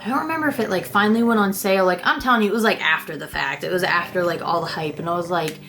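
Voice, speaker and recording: A woman's voice: on the low side, very fast, a bit bright, soft background music. Chatty woman rambling through a declutter. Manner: chatty, rambling, self-deprecating, swears casually. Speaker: beauty vlogger. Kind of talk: casual makeup declutter chat.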